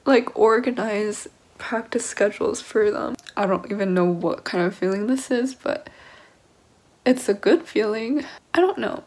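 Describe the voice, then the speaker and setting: A young woman in her late teens talks candidly to her vlog camera about her violin studies. Her voice sits a little high and has a gravelly fry running through it. She rambles and opens up emotionally, with nervous laughs slipping in. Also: darkish tone. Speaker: violin student vlogger. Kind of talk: casual vlog talk to camera.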